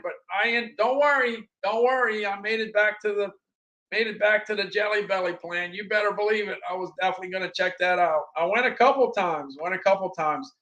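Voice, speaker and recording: A middle-aged man with a notably high voice chats loosely through a livestream. He circles back over the same phrases again and again and breaks into sudden excited outbursts. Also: low-quality recording. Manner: rambling, repeats phrases, excitable bursts. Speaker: livestream host reviewing products. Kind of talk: casual livestream product chat.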